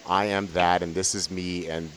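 Deep-voiced man, earnest storytelling. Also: flat delivery, moderate pace, fairly bright tone, a little hiss or hum. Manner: earnest, emotionally open recounting. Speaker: psychedelic facilitator. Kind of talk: personal storytelling in conversation.

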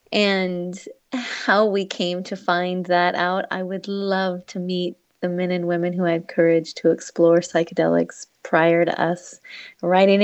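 A woman explaining her views in conversation, in an unhurried, reflective way with frequent pauses. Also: lowish voice, no echo.

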